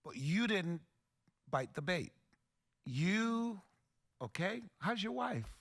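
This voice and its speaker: A man's voice: high-pitched, sing-song, slow pace, creaky, fairly bright tone. A man hosting a faith-based podcast, speaking earnestly, quoting scripture and affirming his guests. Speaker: podcast host.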